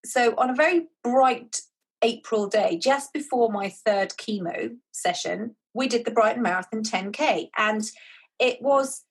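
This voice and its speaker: Woman, husky, chatty storyteller, author interview. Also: a little high, a little slow. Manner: animated, chatty, acts out quoted dialogue. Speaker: author guest. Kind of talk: conversational storytelling.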